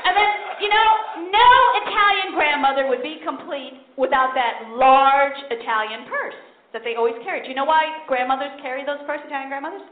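A woman's voice: high voice, a little fast, hardly any pauses, some chatter behind. A woman comedian performing a punchy, self-mocking stand-up set at a live venue. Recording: echoey tinny live recording with noise.

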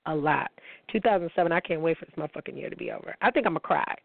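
A woman's voice: low-pitched, very fast, creaky, no room sound, phone-quality sound. A woman hosting a casual spiritual monologue, blunt and profane, talking straight to her listeners. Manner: blunt, profane and emphatic, often swearing; addresses listeners directly as y'all. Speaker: host.

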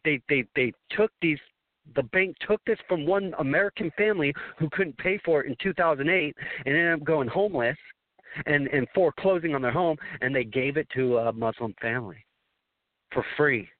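A man's voice: fairly high pitch, normal speed, dry recording. Man from Southern California on a phone line. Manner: rambling, emphatic storytelling with many restarts. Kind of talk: talk radio conversation. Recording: dry tinny phone line.

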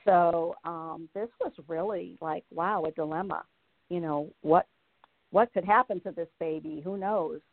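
A heartfelt woman in her late fifties tells her own story as a show guest, her voice sitting a little low. She comes through a thin, tinny phone line with a close, dry sound. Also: fairly even intonation, unhurried, no room sound. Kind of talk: reading her personal story aloud, then chatting.

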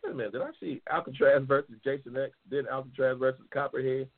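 A man hosting a casual talk show who reads out race matchups, loud, profane and excitable, sometimes yelling. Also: mid-range voice, quick pace. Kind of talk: casual livestream chat, reading race matchups. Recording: tinny phone-like sound.

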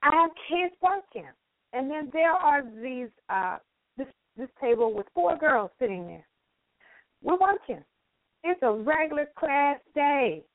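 Woman co-host, teacher, animated storyteller, high and lively, dry phone-line audio. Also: unhurried, no room sound. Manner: animated storytelling, acts out voices. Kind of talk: casual radio chat.

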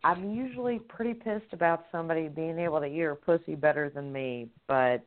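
A woman's voice: deep voice, fairly quick. A woman calling in to a talk show, telling stories in a chatty way with lots of fillers. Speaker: caller. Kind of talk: casual chat on a call-in show. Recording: tinny phone-line audio.

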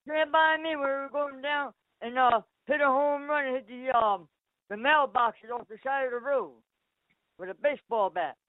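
A man's voice: very high-pitched, moderate pace, no echo. A man calling in to a radio show, rambling and repeating himself. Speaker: caller. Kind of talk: casual phone call. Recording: tinny phone line.

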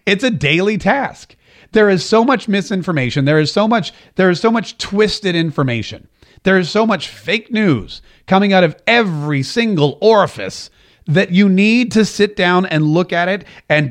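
A man hosting a political podcast and radio show, giving emphatic commentary and repeating phrases for stress. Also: a little high. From United States.

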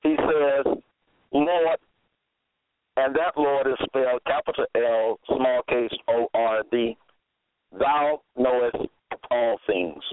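A man preaching in a slow, measured, emphatic way, repeating key phrases as he presents a case. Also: medium pitch, smooth, no room sound. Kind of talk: slow deliberate sermon. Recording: dry tinny phone-like sound.

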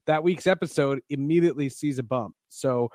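A man's voice: mid-range voice, darkish tone, no echo, studio quality. A man hosting a podcast, chatting casually and joking with his co-host. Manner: joking, quick banter.

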